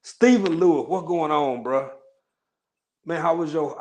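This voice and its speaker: A man from East Texas with a Southern accent speaks at a measured pace in a fairly high, darkish voice, with slight background noise. He hosts a casual livestream, chatting loosely with viewers and greeting them by name in Southern slang.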